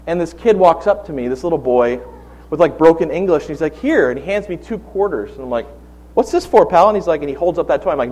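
A male pastor in his forties delivers a sermon with a slightly higher-than-usual voice. He tells personal stories with animated energy and humorous asides before turning to scripture. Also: poor audio.

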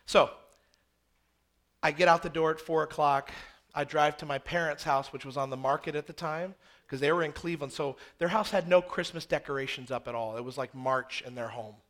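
A man in his thirties, a pastor telling a personal story in a sermon, animated and self-deprecating. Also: on the high side, a little fast.

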